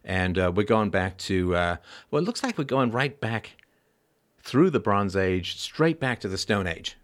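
A man's voice: lowish voice, very animated, a little slow. Sardonic man riffing on the news. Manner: mocking, wry asides, swings from loud sarcasm to mumbled remarks. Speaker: podcast host. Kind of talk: sarcastic commentary reading news aloud.

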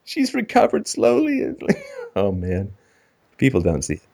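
A man's voice: lowish voice, wildly swooping pitch, normal speed, vocal fry, darkish tone. A man hosting a call-in show, ranting sarcastically and with animation. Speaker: host.

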